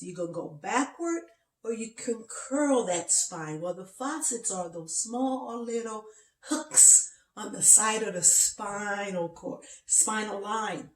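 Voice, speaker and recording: A woman's voice: mid-range voice, darkish tone, roomy sound, recorded from a distance. A woman chatting to camera from her bed and explaining things step by step. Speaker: vlogger. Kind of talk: casual talk to camera. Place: bedroom, lying in bed.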